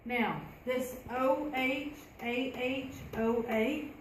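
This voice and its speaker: A woman's voice: high-pitched, steady tone, drawn-out words. A woman teacher, leading a classroom lesson and asking the class questions. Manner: conversational, asks the class questions. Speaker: math teacher. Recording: echoey classroom, faint room noise.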